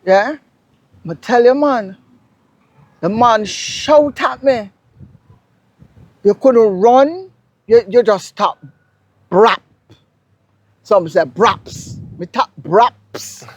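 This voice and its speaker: A woman from Jamaica with a Jamaican accent, a guest explaining local words in a casual interview, telling stories in an animated, emphatic way. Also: a little high, drawn-out words, pauses often, slightly rough. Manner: animated storyteller, lively and emphatic.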